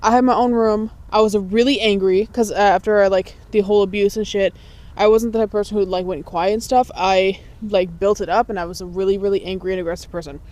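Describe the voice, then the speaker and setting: A woman's voice: mid-range voice, steady tone, quick pace, darkish tone. A young woman co-hosting a podcast, telling blunt, profane stories in casual chat and laughing through them. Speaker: podcast co-host.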